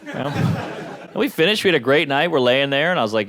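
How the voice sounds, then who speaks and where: A man doing a stand-up comedy set with a wry, self-deprecating delivery, swinging between low mutters and sudden high outbursts. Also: expressive, fairly quick, crowd noise. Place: comedy stage before a laughing audience.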